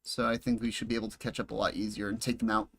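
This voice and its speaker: A man's voice: on the low side, little pitch movement, rapid-fire, creaky, fairly bright tone. A man commenting casually on his live game stream, chatty and joking with his viewers, talking into a headset at home. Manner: chatty, jokey, talks to chat and himself. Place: home room with air conditioning and bright lights.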